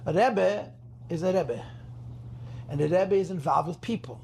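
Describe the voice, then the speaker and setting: A man's voice: high-pitched, a little slow, gravelly, darkish tone, a little hiss or hum. A rabbi telling a story at a gathering, emphatic, repeating his phrases and mixing in Yiddish terms. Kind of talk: farbrengen storytelling talk.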